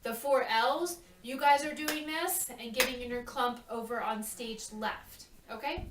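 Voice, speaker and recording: Unhurried and on the high side, a choreographer's voice carries over slight background noise while she guides young dancers through a routine. She talks chattily, often checking "okay?", in an echoey space recorded from a distance.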